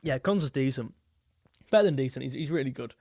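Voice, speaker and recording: A man's voice: mid-range voice, expressive, fast talker, dark tone, no room sound. A young man hosting a live football stream, chatting casually and rambling as he reads out viewer messages. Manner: rambling, repeats himself, reads super chats aloud.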